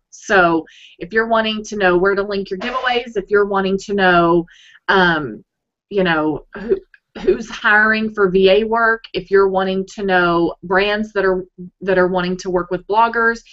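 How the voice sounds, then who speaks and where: A woman co-hosts a live blogging webinar, talking in an upbeat, chatty way and often restarting her sentences. Her voice sits at a middle pitch. It comes through dull, lo-fi video call audio. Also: fairly bright tone. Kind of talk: casual live webinar chat.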